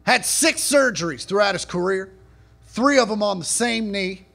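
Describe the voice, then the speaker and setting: A man doing a live stand-up set in a comedy club, mocking and profane, shouting his punchlines. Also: high-pitched, lively intonation, normal speed, vocal fry. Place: comedy club stage before a laughing audience. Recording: live club recording, audience noise.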